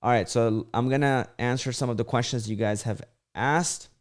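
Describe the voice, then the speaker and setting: A man's voice: medium pitch, moderate pace. Emphatic man hosting a live Q&A. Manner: animated, emphatic, swears casually. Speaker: livestream host. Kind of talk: casual livestream Q&A.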